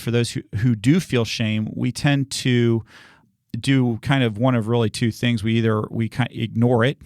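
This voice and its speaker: A man speaking as a pastor in a relaxed sermon discussion, earnest and reassuring, often restarting his sentences. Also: medium pitch, dry recording, studio quality.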